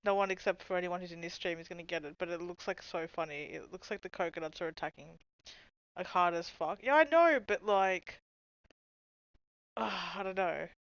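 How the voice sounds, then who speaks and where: A woman's voice: fairly low pitch, fairly even intonation, normal speed, dry recording. A woman livestreaming, thinking aloud while searching, laughing a lot and swearing freely. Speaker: livestreamer reading chat. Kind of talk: casual livestream chat.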